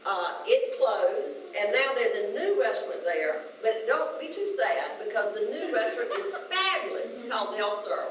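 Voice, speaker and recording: A woman in her sixties preaches in a chatty, thoughtful way, often pausing to restart a phrase. Her voice sits at an ordinary pitch and carries a heavy reverberation, picked up from some distance in a large church room. A faint hum of ambience lies beneath. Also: lively intonation. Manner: conversational, reflective, with hesitant restarts. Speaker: minister. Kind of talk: sermon. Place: church sanctuary. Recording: very echoey room, mic at a distance.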